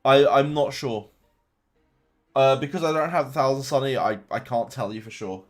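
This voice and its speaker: A man's voice: medium pitch, fairly even intonation, normal speed. A young man chatting casually on a live stream from his room at home, answering viewers' questions with frequent restarts. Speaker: game streamer.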